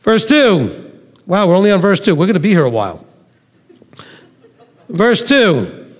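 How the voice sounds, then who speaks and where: A man's voice: high-pitched, sing-song, a little slow. A middle-aged man giving a conversational Bible teaching on a live stream, telling homely stories. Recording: long hall reverb.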